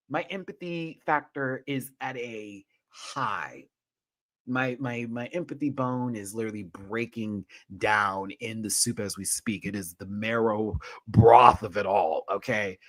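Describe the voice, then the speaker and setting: A man hosting a casual livestream, talking in a sassy, slangy way that swings from hushed asides to loud, emphatic pleas. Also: on the low side, no echo. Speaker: host.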